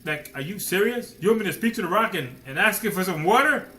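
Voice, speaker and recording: A man's voice: high voice, animated, brisk, few pauses, bright, forceful tone, poor audio. A man preaching a sermon emphatically, firing rhetorical questions and addressing listeners directly as man and son.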